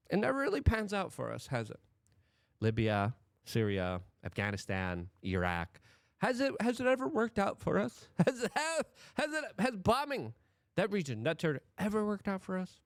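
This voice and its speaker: An animated man delivering commentary to camera, his pitch swinging widely as he presses rhetorical questions. The sound is dry and close, with no room around it. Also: creaky, smooth, no room sound. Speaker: political commentary host.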